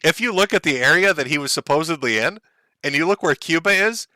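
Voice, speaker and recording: A man's voice: fairly high pitch, lively intonation, fairly quick, sharp tone, no echo. A man hosting a livestream, mocking and sarcastic, swearing and laughing at his own jokes. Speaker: livestream host.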